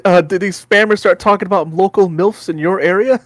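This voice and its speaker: A man's voice: high voice, a little fast, fairly bright tone, dry recording. A man co-hosting a game stream, chatting casually and reading viewer comments aloud.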